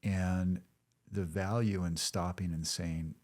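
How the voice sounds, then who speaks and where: A man's voice: low voice, creaky, a little mellow. A middle-aged man, a former counselor and guest, speaking thoughtfully in a casual conversation. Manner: thoughtful, measured, with frequent restarts.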